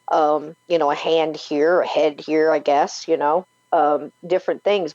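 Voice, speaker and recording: A woman's voice: low voice, darkish tone, dry recording. A woman guest on an interview show, retelling a personal story vividly, full of "like" and "you know". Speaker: paranormal podcaster and author, guest. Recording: dull lo-fi, dry sound.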